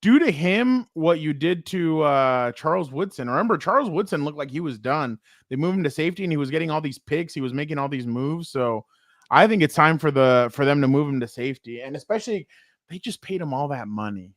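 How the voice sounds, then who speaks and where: A man's voice: on the high side, lively intonation, fairly quick, no room sound, studio quality. A man co-hosting a casual sports talk show, chatty and telling stories. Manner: chatty, retells stories with laughs. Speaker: co-host.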